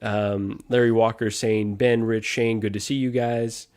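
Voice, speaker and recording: A man's voice: lowish voice, little pitch movement, a little slow, darkish tone, clear, resonant tone. A man hosting a casual live stream, upbeat, greeting viewers one by one and chatting with co-hosts.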